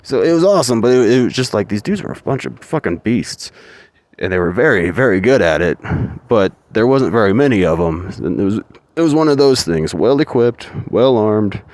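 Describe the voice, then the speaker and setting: A man rambling through a story in casual, profane talk, his pitch rising and dropping with animation. He curses freely and keeps wandering off into asides. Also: big pitch swings, fairly quick, darkish tone, no echo.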